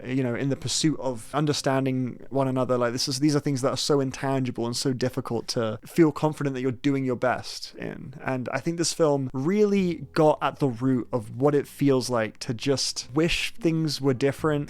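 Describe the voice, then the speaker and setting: A young man reviewing films in a casual vlog, speaking close to the mic. His voice sits at an ordinary middle pitch, and he talks loosely and candidly, swearing freely and stopping to restart his sentences. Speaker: film vlogger. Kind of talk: casual spoken film review.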